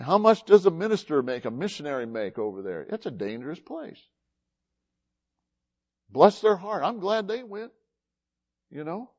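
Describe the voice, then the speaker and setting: Male pastor, lively preaching delivery, voice pitched a bit high, dull lo-fi sermon recording. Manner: animated preaching, swinging between loud emphasis and quiet asides.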